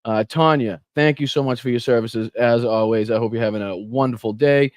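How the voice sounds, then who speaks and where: A man's voice: medium pitch, brisk, darkish tone, no echo. Casual Boston guy hosting a live show. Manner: casual, swears freely, reads out chat names. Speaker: host of a political livestream show. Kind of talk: casual livestream chat. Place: home room with air conditioner running.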